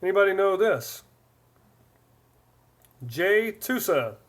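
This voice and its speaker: Chatty man in his forties, higher voice. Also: sing-song, slow pace. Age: 40s. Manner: rambling, chatty, reads chat aloud. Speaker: livestream host. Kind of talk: casual live-stream chat.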